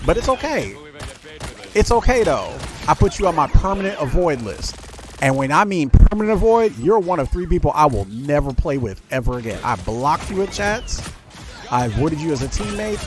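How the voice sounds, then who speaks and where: A man with a slightly high voice rants as a gaming host, his pitch swinging wide as he vents with indignation and mocks people in quoted voices. Music plays clearly behind him. He keeps up a casual, worked-up commentary. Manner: animated, indignant ranting with mocking quoted voices. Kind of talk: ranting gameplay commentary.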